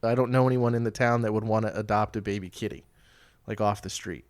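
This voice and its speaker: A man co-hosting a podcast in a casual chat, an animated storyteller who acts out quotes and laughs often. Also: fairly low pitch, fast. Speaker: podcast co-host.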